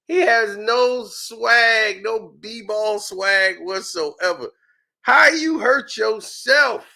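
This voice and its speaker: A man rants through casual sports commentary in a mocking, animated way, laughing often. His voice sits very high, with a gravelly rasp and a bright, sharp edge. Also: slow.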